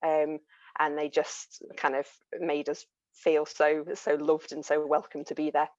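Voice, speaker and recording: Low-voiced woman panelist, chatty storyteller, dry and slightly dull video-call sound. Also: completely flat delivery, measured pace, no echo. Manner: chatty storytelling, laughs often. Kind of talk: online panel chat.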